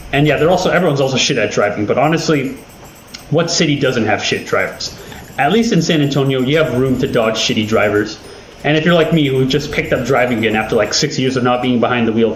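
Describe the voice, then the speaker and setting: With a roomy sound, slight background noise and rough recording quality, a man hosting his channel rambles casually through gameplay. His voice is mid-range, and he swears plenty and jokes at his own expense.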